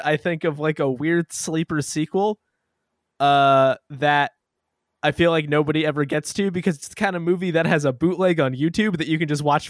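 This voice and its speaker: Male podcast host, slightly high voice, dry close mic, loose jokey delivery. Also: no echo. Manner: joking, rambling with many fillers. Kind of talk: casual podcast chat.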